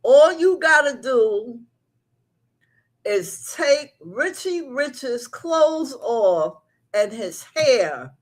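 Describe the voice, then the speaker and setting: A middle-aged woman hosts a casual live chat from her apartment, talking straight to her viewers. Her voice sits a little high, and she takes her time, drawing each thought out at a very slow pace. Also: big pitch swings. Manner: chatty, talks straight to viewers, drawn-out storytelling. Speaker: host of a live recap show.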